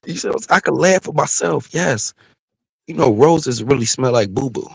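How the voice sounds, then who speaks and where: A man with a gravelly, creaky voice, speaking, talks trash in slang as a livestream guest. The sound is dry and close. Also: medium pitch, expressive, moderate pace, no room sound, rough recording. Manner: brash, trash-talking slang. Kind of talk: casual livestream talk.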